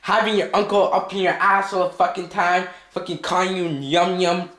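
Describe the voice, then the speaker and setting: Volatile young hothead played by a man, sweary and repetitive, high-ish voice, roomy echo. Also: steady tone, moderate pace, fairly bright tone. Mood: bitter. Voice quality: constant swearing, ranting and repeating himself. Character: volatile, foul-mouthed troubled young man. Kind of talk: comedy skit acting. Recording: echoey room.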